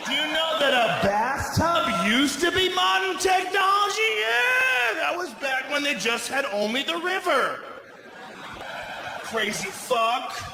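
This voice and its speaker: Middle-aged male stand-up, very high-pitched shouty delivery, echoey live room. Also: animated, measured pace. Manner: loud, profane, frequently shouting. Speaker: stand-up comedian. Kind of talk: stand-up comedy routine. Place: large indoor comedy venue. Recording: echoey live venue with audience noise. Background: audience laughter.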